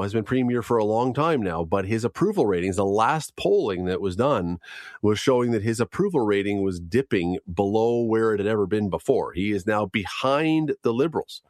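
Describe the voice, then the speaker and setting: Chatty low-voiced male radio host. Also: no room sound, clean studio sound. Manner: chatty, wry asides, lively emphasis. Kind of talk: casual news and trivia chat.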